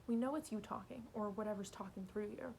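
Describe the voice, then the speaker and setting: A woman reading aloud as a steady, athletic teenage boy, speaking low, firm and wry. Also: fast, gravelly, slight background noise, lightly acted.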